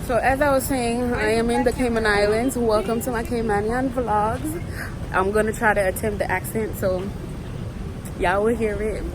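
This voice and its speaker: A woman's voice: on the high side, fairly even intonation, normal speed. A young woman vlogging on her phone at an airport and in a hotel room, chatty and playful, talking to "guys" and "y'all". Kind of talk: casual vlog to camera. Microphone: phone camera. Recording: noisy phone recording.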